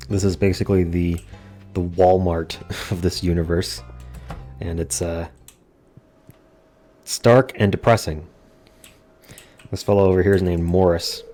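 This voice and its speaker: Deep-voiced male let's play host, casual and jokey, faint music under him. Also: normal speed, pauses often, darkish tone. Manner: jokey, self-deprecating asides. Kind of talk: casual gameplay commentary.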